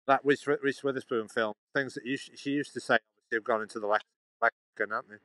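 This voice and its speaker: A man's voice: mid-range voice, steady tone, quick pace, pushed and bright, dry recording, rough recording. A man rambling on a live stream outdoors, chatting back to his viewers. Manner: chatty, meandering, answers chat questions. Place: outdoors in a sunny town.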